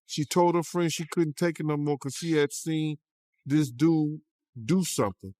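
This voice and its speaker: A man's voice: fairly high pitch, steady tone, normal speed, darkish tone, dry recording. Emphatic man in a dry recording. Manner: streetwise, emphatic, repeats words. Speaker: commentator in a clip. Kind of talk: casual talk.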